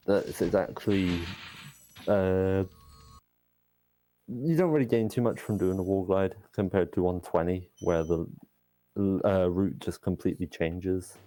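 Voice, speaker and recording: Deep mellow guy calmly talking through his speedrun, faint music under it. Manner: matter-of-fact, explanatory. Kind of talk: explaining his own run live.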